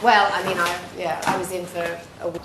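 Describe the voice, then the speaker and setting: A middle-aged English woman telling stories in casual, animated chat with other housemates. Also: lowish voice, a little fast, very noisy. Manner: chatty, animated storytelling. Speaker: reality show housemate. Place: shared house kitchen, indoors. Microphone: distant room mics. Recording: echoey room, loud kitchen clatter. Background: clattering dishes and cutlery.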